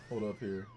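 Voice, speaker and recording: A man's voice: on the low side, warm tone, slightly rough. A man hosting a casual gaming livestream, rambling in repeated phrases and defiant at times. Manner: repetitive, heated, defiant rambling. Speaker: livestream host.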